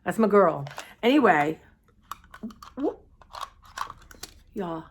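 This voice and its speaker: A woman's voice: fairly low pitch, big pitch swings, slow pace, creaky, pauses often, a little hiss or hum. A woman, rambling chattily to her viewers in a casual art vlog. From United States. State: sore throat. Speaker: vlogger.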